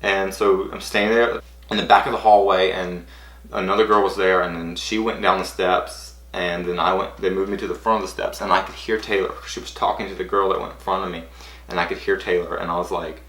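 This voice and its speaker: A man's voice: low-pitched, flat delivery, a little fast, a bit bright. A man eagerly retelling a personal story to camera, rambling and full of "like". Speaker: vlogger. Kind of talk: casual storytelling. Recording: roomy echo.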